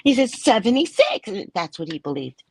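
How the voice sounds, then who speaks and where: Brief: lively storyteller woman, husky, swings her pitch widely, slips into whispery pleading. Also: moderate pace, dry recording. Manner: animated, acts out pleading in a whispery voice. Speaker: host and psychic reader. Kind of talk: casual storytelling to a live audience.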